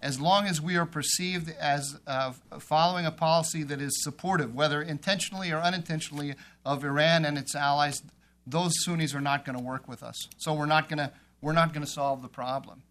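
A man's voice: a little high, steady tone, brisk, fairly bright tone. A man on a policy panel, arguing emphatically and repeating phrases as he builds his point.

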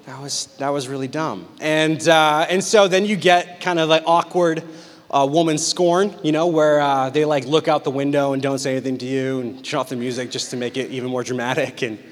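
Young male pastor, passionate storyteller with a raised pitch, preaching in a big reverberant hall. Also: fairly quick. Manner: animated, intense storytelling with big swings from loud to hushed. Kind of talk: sermon with personal stories.

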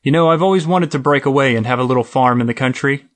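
A man's voice: medium pitch, fast, natural voice. A man voicing a hearty, wistful middle-aged company president in a storybook reading.

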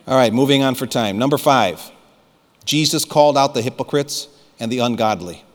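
A man's voice: medium pitch, normal speed. Fervent preacher man, hall reverb. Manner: fervent, emphatic preaching with repeated calls to listen. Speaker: pastor. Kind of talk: sermon.

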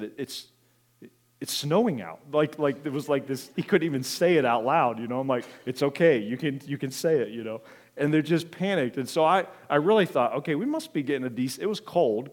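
A middle-aged man, a pastor, preaching a sermon in a conversational, storytelling manner with many fillers and restarts. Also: mid-range voice.

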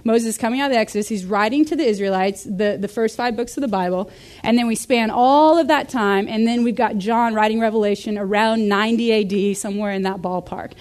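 Young woman, Bible study teacher, lively and conversational, slightly high voice. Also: a little fast. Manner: lively, conversational, uses rhetorical questions. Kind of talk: teaching a class.

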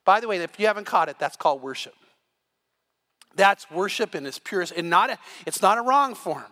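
Bright high-voiced male pastor preaching. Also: animated, brisk. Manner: storytelling, building to shouts at the climax. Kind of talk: sermon.

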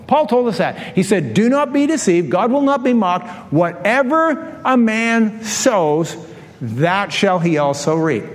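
A middle-aged male pastor delivers a sermon full of anecdotes, acting out quotes as he goes. His voice sits high for a man. The sound carries a long reverb from the church hall. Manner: animated storytelling with acted-out quotes.

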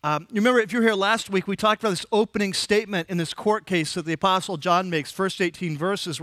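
A man's voice: high voice, a bit bright, no room sound, clean studio sound. A man preaching an expository sermon, retelling scripture in a conversational, everyday way. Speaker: pastor.

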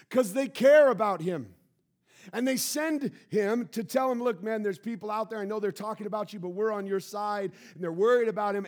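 Pastor guy preaching, pretty high voice, gets loud and punchy on key lines. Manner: preaching with sudden shouted emphasis. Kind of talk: sermon. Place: church sanctuary.

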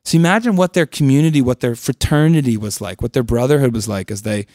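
A man's voice: medium pitch, fast talker, a little mellow, no echo, clean studio sound. A man leading a Bible study in a casual teaching style, conversational, with joking asides and questions to the group.

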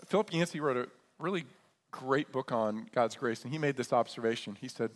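A man's voice: medium pitch, brisk. Pastor, male, conversational sermon delivery, mid-range voice, reverberant sanctuary. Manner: conversational preaching, often asks "right?". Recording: long church reverb.

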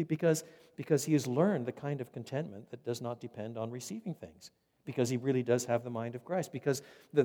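Animated preacher in an echoey hall. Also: male voice, medium pitch. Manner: animated, repeats words when emphatic. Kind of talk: expository sermon.

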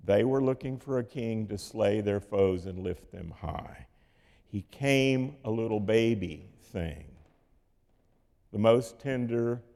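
A man preaching a sermon in a measured, rhetorical way, with dramatic pauses and dips in volume. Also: on the low side, gravelly, a little mellow. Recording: long hall reverb.

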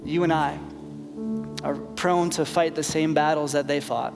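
A male pastor preaching a sermon, with dramatic swings from loud emphasis down to near whispers. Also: fairly high pitch, fairly even intonation, a little slow, long reverb tail, music in the background.

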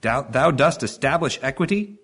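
Man, preacher, emphatic sermon, rising rhetorical questions, mid-pitched voice. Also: animated, moderate pace, vocal fry, a bit bright, breathy edge. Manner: emphatic, rhetorical questions, reads scripture with stretched stresses.

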